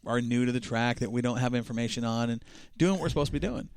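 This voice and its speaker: A man's voice: mid-range voice, fast, clean tone, no echo, studio quality. A man co-hosting a racing talk show, telling stories in casual chat and acting out the quotes. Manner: animated storyteller, acts out quotes.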